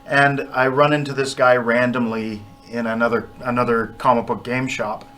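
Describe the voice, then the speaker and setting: A chatty man telling stories on a radio show with a bright, forceful voice. He is self-deprecating and laughs easily as he talks. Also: mid-range voice, little pitch movement, normal speed. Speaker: band member guest. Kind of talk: casual radio interview storytelling.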